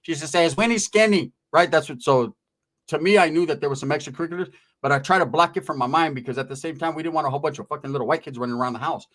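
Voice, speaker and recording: A man telling a raunchy comic story in a profane, rambling, animated way. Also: fairly high pitch, rapid-fire. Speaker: comedian.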